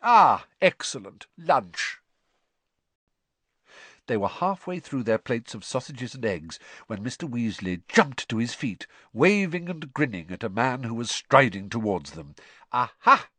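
A man reading a novel aloud as its narrator, his pitch moving lively and expressively through each sentence. The recording sounds close and dry, with no room in it. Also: moderate pace, hardly any pauses, no room sound. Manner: expressive storytelling. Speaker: audiobook narrator. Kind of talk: scripted narration.

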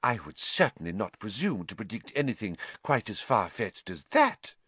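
A man voicing an eccentric older female seer teacher with a soft, breathy, dreamy and coaxing way of talking. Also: on the low side, very animated, moderate pace, no echo, heavily acted. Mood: dreamy, affronted.

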